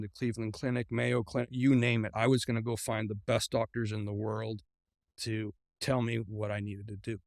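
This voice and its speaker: A middle-aged man as an interview guest, earnestly recounting a personal ordeal, often halting and repeating words as he speaks. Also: mid-range voice, gravelly, no echo, studio quality. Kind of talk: personal storytelling in a conversation.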